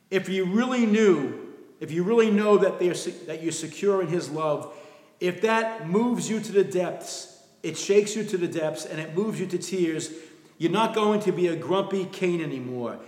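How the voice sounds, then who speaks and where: A man's voice: high-pitched, normal speed. Earnest male preacher in an echoing hall. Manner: earnest, soft-spoken, drops to quiet emphasis. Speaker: pastor. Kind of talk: sermon. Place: church sanctuary. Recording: echoey room with long reverb.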